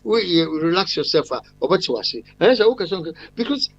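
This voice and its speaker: A man's voice: sits high, sing-song, fast, dull audio, slight background noise. An older man with a Ghanaian accent, a guest telling long rambling stories with many fillers and restarts. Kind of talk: live-stream discussion.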